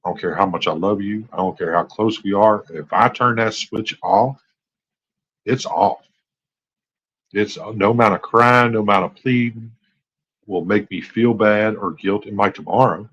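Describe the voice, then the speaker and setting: A husky-voiced man in his forties talks candidly on a late-night live stream, rambling and growing exasperated as he goes. His voice sits on the low side and is somewhat breathy and rough. The audio is dull and lo-fi, like a basic stream mic. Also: normal speed, fairly bright tone. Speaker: host.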